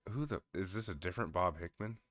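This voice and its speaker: A man's voice: deep voice, fast talker, a bit bright, no room sound, studio quality. A man streaming casual reaction commentary, laughing and exclaiming in disbelief.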